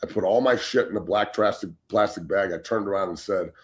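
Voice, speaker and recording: A former pro football player of about forty co-hosts a talk show, telling a story in a heated, casual rant that's blunt, profane, and emphatic. His male voice is on the low side and brisk.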